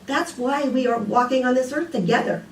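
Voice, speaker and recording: An older woman delivers a relaxed, conversational sermon, telling homely stories and asking her listeners rhetorical questions. She stands some distance from the mic, and her voice carries the echo of a large room, with a faint hum of ambience underneath. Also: high-pitched, normal speed. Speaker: speaker at a spiritual community. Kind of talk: casual sermon. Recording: echoey room, picked up from a distance.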